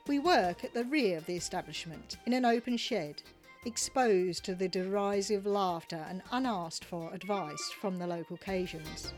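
A woman with an Australian accent, a podcast host reading a story aloud in a relaxed, wry manner. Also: medium pitch, moderate pace, soft background music.

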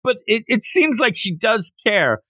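A man co-hosting a casual chat about a manga, animated and acting out characters' lines as he goes. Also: high voice, measured pace, no room sound.

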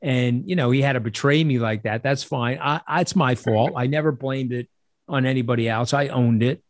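A man's voice: mid-range voice, normal speed, no echo, clean studio sound. A middle-aged man telling stories as an interview guest, blunt and profane, acting out the voices of people he quotes. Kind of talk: casual interview storytelling.

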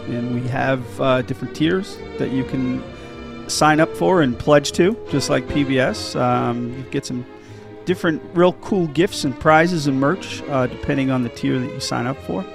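Gravelly laid-back podcast guy. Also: mid-range voice, normal speed, music in the background. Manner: laid-back, agreeable interjections. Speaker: podcast co-host. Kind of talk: casual podcast chat.

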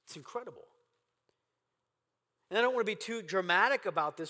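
A man's voice: sits high, normal speed, pushed and bright, in a large hall. A man preaching a sermon as pastor, earnest and emphatic, repeating phrases for stress. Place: church sanctuary.

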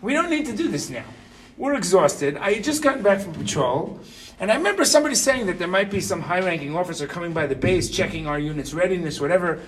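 There's slight background noise as a man in his fifties speaks from far away from the mic. He tells a personal story to his listeners in a high voice, fast and with lively intonation. He's chatty and keeps saying "right?".

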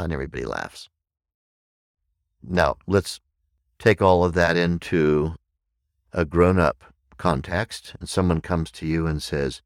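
Meditation teacher guy, super deep voice, dry close sound, says things slow and repeats them. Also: no echo. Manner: slow, deliberate, repeats key phrases for emphasis. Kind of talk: reflective podcast talk.

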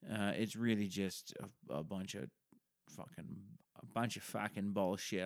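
A man's voice: fairly low pitch, unhurried, dry recording, studio quality. A man hosting a podcast, giving a rambling, self-mocking spoken intro with plenty of swearing. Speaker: podcast host. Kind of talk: casual podcast intro monologue.

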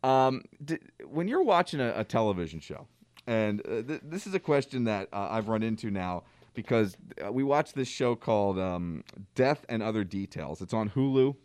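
A man's voice: lowish voice, sing-song, normal speed, darkish tone, dry recording. A man co-hosting a radio talk show, chatting in a rambling, self-deprecating way. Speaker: radio co-host.

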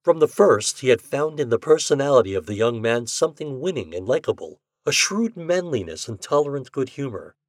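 A man narrating classic short fiction in a measured, expressive storytelling way. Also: medium pitch, dry recording, studio quality. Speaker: podcast narrator.

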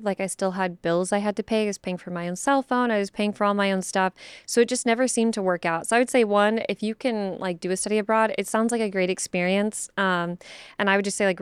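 A woman's voice: medium pitch, clean tone, no echo. A woman in her twenties co-hosting a podcast, telling stories in casual chat and acting out the quotes, with lots of "like" fillers. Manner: chatty storyteller, acts out quotes, many "like" fillers. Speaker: podcast co-host.

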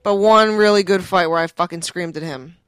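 A woman's voice: on the low side, brisk, clear, resonant tone, no room sound. Profane woman telling stories, dry sound. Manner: profane, animated storytelling. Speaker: podcast co-host. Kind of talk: casual chat.

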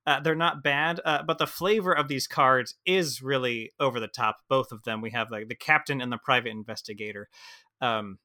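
Bright-voiced male podcast co-host. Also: mid-range voice, moderate pace. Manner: joking, hesitant with many fillers. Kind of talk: casual chat.

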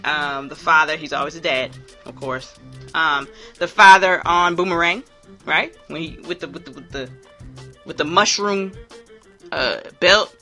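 A woman hosting a casual, profane commentary monologue in an animated way, often acting out voices. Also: low-pitched.

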